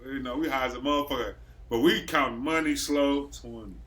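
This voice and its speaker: A man's voice: medium pitch, a little fast, a bit bright. A man from Racine, Wisconsin, a podcast host telling a story in loose casual chat, acting out the quotes and swearing freely.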